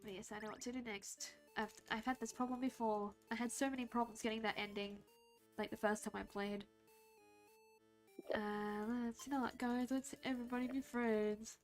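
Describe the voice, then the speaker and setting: A young woman with a fairly high voice chats casually while she plays, trailing off and muttering over her choices. Faint game music plays underneath. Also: flat delivery, moderate pace. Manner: hesitant, muttering to herself while choosing options. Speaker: streamer. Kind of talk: casual gameplay commentary.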